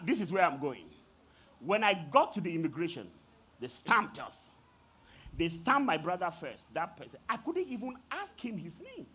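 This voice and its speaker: A man preaching a sermon, telling a story with laughter and sudden shouted peaks. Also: high-pitched, breathy edge. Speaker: pastor.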